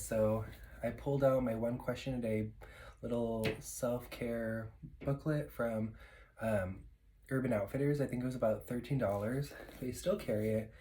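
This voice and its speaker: A man's voice: medium pitch, darkish tone, slight background noise, rough recording. Casual male vlogger, mid-range voice, loose filler-heavy delivery, eating at home. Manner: rambling and chatty, with many fillers. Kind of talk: casual eating vlog chat.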